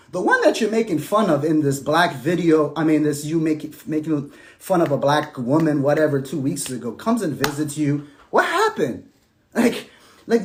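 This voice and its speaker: A man speaks in a casual, emphatic monologue. His voice sits slightly high and swings through a wide, lively range. He is forceful at times and quiet and low at others. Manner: animated and emphatic, sinking to soft, low tones when recounting. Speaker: estranged husband telling his side.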